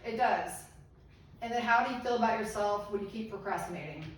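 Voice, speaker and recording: A middle-aged woman presents a live health seminar, speaking earnestly and encouragingly and putting questions to the audience. Her medium-pitched voice moves briskly, recorded from far off in an echoey seminar room with faint noise.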